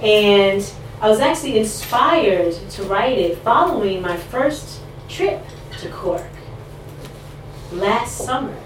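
A woman delivers spoken word poetry slowly and deliberately, letting each phrase land. Her voice comes from a distance, caught in a very echoey room with a faint hum underneath. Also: mid-range voice, animated. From United States. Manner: measured, rhythmic recitation, then loose, laughing asides. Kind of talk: spoken word poetry performance with chatty introductions. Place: live performance venue.

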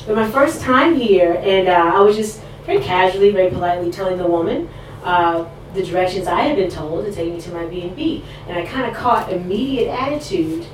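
A woman performing spoken word poetry live, with a measured, rhythmic recitation and loose, laughing asides between pieces. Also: lowish voice, animated, slight background noise. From United States. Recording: echoey distant live room recording.

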